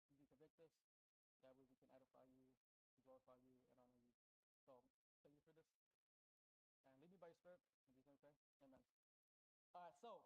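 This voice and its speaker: Fast-talking casual male preacher. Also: fairly high pitch, darkish tone, a little hiss or hum, poor audio. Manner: chatty, often asks the congregation "right?". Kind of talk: casual conversational sermon. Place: church sanctuary indoors.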